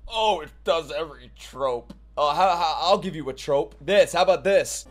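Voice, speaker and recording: A man reacting to an anime episode, excitable and profane, often breaking into exclamations. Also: fairly high pitch, moderate pace, faint music behind. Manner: excitable, swears a lot, exclaims. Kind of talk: casual reaction commentary. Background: anime soundtrack playing.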